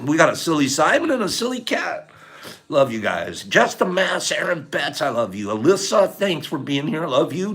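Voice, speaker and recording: An older man hosting a morning livestream, talking softly and tearfully about gratitude, then turning loud and excited as he greets viewers. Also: fairly high pitch, moderate pace. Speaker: livestream host. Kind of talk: emotional morning livestream chat.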